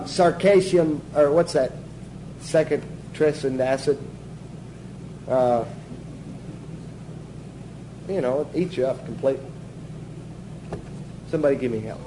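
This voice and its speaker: A man's voice: sits high, darkish tone, a little hiss or hum, poor audio. A man teaching a Bible class in sermon style, emphatic, asking the class questions and answering them himself.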